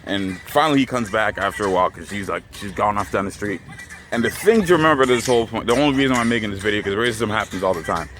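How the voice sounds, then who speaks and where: A man's voice: on the low side, animated, fast, fairly bright tone. Young man rambling over music. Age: young adult. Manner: rambling, heavy filler words. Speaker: vlogger. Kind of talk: casual storytelling.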